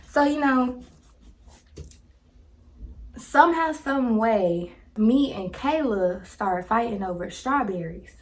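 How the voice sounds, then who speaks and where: Animated slangy young woman telling a story. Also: a little high, measured pace. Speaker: storytime vlogger. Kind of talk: casual storytelling to camera. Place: indoors, home filming with ring light. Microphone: phone camera.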